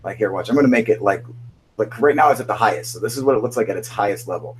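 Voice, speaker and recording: A man's voice: fairly low pitch, racing, a little hiss or hum, poor audio. A man hosting a casual live-stream chat, rambling and swearing, calling everyone "dude", sounding burnt out. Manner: profane, rambling, says "dude" constantly. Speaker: channel host.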